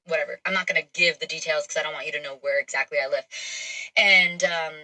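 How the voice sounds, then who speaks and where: Young woman, casual storyteller, chatty with lots of fillers, sharp bright voice. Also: sits low, fast talker, rough recording. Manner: chatty, animated, frequent fillers. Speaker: storyteller in a played clip.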